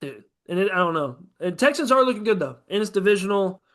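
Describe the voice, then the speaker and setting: A man's voice: high-pitched, very animated, quick pace, fairly bright tone. A man co-hosting a casual sports podcast, rambling and profane about football teams. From American Midwest. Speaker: podcast co-host.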